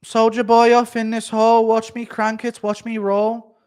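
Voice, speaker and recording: Man doing a Liverpool-accent rapper, high, loud, sing-song. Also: completely flat delivery, moderate pace, clear, resonant tone. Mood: rapping.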